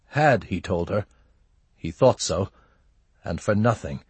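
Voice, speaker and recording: A man narrating a story in a measured, steady way. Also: deep voice, breathy edge, no echo. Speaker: audiobook narrator. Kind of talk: scripted narration.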